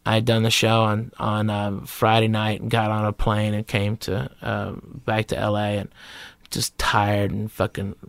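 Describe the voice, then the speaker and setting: A middle-aged man with a Southern American accent, a guest comedian telling a lively, profane story in a podcast interview. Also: lowish voice, a little slow, gravelly, smooth, dry recording. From Southern United States.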